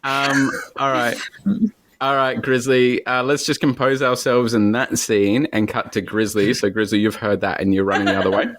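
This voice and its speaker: A man's voice: mid-range voice, flat delivery, normal speed, fairly bright tone. A man running a comedic tabletop game as game master, joking and laughing often.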